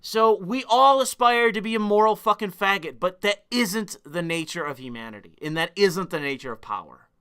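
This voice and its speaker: A male streamer holding forth on a live stream and snapping back at his chat, swearing as he goes. His voice sits high and sounds bright and sharp. The tone is smooth and clear throughout. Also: lively intonation. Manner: profane, combative, quick to argue with chat.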